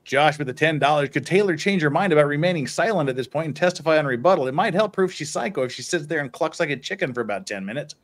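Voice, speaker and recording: A man's voice: a little high, lively intonation, fast, few pauses. Guy hosting a live stream, jokey and teasing, voice jumps around a lot. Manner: jokey, teasing, chuckles often. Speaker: host reading viewer messages. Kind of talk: casual live-stream commentary.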